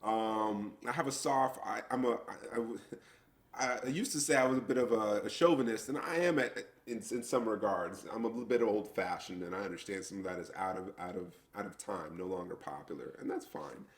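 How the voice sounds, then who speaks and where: A middle-aged American man co-hosts a podcast, his voice on the low side and a little fast. In casual chat he tells animated stories with laughs, acting out what people said.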